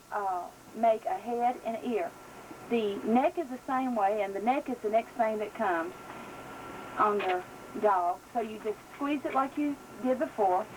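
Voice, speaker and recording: A woman's voice: on the high side, noisy background. A woman with a Southern accent teaching gospel clowning and balloon twisting in a folksy, chatty way with many fillers. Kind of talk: casual instructional talk.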